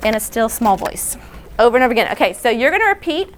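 Woman running a lively workshop indoors, directing volunteers, slightly high voice. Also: slight background noise. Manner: chatty, directs volunteers, quick asides. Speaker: workshop speaker. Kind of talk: interactive workshop session. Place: indoor room.

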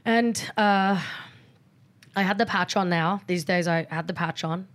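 A woman's voice: on the low side, measured pace. A middle-aged woman, a podcast guest talking candidly and acting out quoted exchanges in a casual interview.

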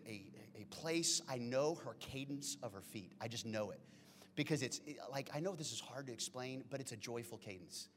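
A pastor delivering a sermon, swinging from hushed whispers to loud exclamations. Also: male voice, medium pitch, slight background noise. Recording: long hall reverb with faint music.

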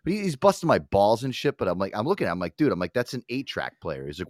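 A man's voice: on the low side, quick pace, hardly any pauses, dry recording, studio quality. A man in his thirties, a podcast host, telling stories in casual chat with lots of swearing. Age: 30s. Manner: profane, animated storytelling.

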